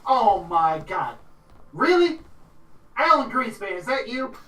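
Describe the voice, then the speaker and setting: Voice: mid-range voice, lively intonation, normal speed, a bit bright, roomy sound, distant mic, voice pushed up, lightly acted. A game master voicing a gushing serpent-bodied woman with a tiara who gasps and fawns over old friends. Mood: excited.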